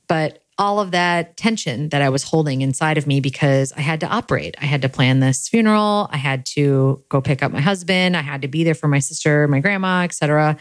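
A woman's voice: deep voice, no echo. A young adult woman, grieving, telling a candid, self-deprecating personal story in a casual monologue and laughing at herself.

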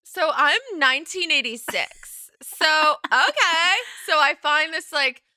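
A woman in her thirties chatting as a guest, telling an animated story full of fillers and acted-out quotes. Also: high-pitched, slow pace, dry recording. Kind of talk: casual chat, storytelling.

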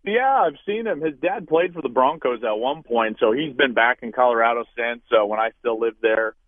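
A man in his thirties, a former college quarterback, telling a story as an interview guest, with lively acted-out quotes. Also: medium pitch, moderate pace, no room sound. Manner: animated storyteller, acts out quoted voices loudly. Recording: tinny phone-like line, dry.

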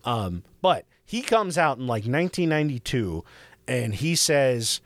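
A man hosting a podcast, telling history in a casual, profane, animated way. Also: medium pitch, unhurried, dry recording. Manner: profane, animated, acts out quoted voices. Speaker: podcast host.

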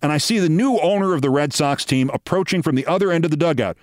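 A man's voice: lively intonation, quick pace, few pauses, a little mellow, no echo, clean studio sound. A middle-aged man hosting a show, telling a long anecdote in a conversational way and acting out the people he quotes. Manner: conversational, acts out quoted people with raised pitch. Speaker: show host. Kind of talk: storytelling monologue.

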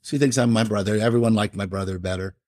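A middle-aged male writer tells a family story in a casual, rambling manner, often interrupting himself and acting out what others said. His voice is on the low side, fast and a little mellow, captured in a dry, clean studio recording.

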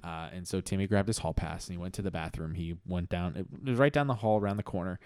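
A man's voice: low voice, quick pace, a little mellow, smooth, no echo, clean studio sound. A man from Pennsylvania co-hosting a podcast, telling an improvised comic story in a playful, rambling way. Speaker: podcast co-host.

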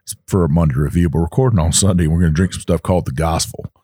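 A man's voice: low-pitched, racing, mellow, slightly rough, no room sound, studio quality. A man with a Southern US accent, co-hosting a podcast in a folksy, rambling way with plenty of fillers. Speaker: podcast co-host. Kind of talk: casual chat.

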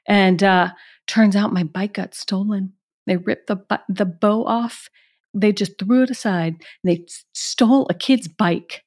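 A middle-aged actress guest telling a story in a casual interview, animated and laughing as she goes. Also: medium pitch, unhurried.

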